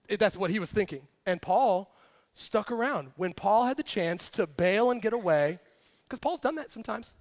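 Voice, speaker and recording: A young man preaching a casual, lively sermon, joking and acting out quotes as he tells a story. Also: high voice, normal speed. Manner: animated, jokey storytelling with acted quotes. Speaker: pastor.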